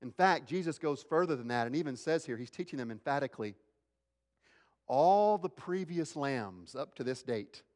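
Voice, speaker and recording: A male pastor preaching a sermon, swinging between emphatic, raised lines and hushed, slow ones. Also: medium pitch, lively intonation, big-room sound.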